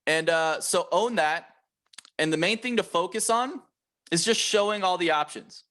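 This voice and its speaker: A man coaching a room of sales reps in an emphatic, repetitive way, often tagging his points with "right?". His voice sits a little higher than most men's. He speaks in a self-described aggressive manner. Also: moderate pace, pushed and bright. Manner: emphatic, repeats key points, frequent "right?" tags; calls himself aggressive. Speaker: sales team trainer. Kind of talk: training talk to sales reps.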